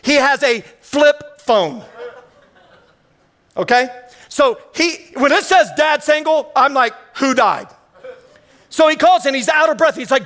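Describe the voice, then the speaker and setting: High-pitched guy preaching in church, fired up, tells stories. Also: measured pace, pauses often. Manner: energetic, storytelling, fired up. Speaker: guest preacher. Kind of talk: sermon. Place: church sanctuary.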